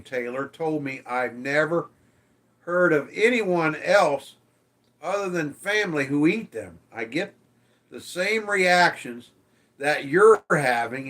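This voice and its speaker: A man's voice: on the high side, lively intonation, slow, a bit bright. A man hosting a casual livestream, reading viewer comments aloud and teasing them, swearing freely. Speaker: livestream host.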